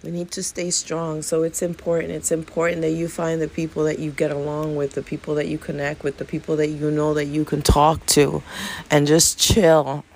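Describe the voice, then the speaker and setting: A man's voice: on the high side, gravelly. A middle-aged man, a Reiki practitioner giving an earnest spiritual monologue full of repeated encouragement. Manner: earnest, repetitive, preachy encouragement.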